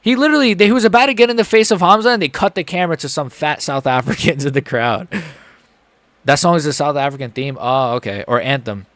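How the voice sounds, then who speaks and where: A man's voice: a little high, animated, fast talker, fairly bright tone, dry recording. Jittery young man live-streaming a fight. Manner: nervous, rambling, swings from mutters to yelps.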